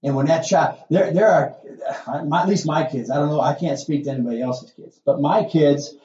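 A man's voice: fairly high pitch, normal speed, dark tone, roomy sound, lo-fi sound. A middle-aged male pastor preaching a sermon in a folksy, conversational way, full of asides and rhetorical questions.

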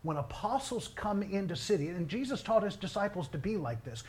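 A middle-aged male pastor preaching a sermon, telling family stories in a lively way. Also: high voice, fairly quick. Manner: storytelling, animated, quoting others in his own voice.

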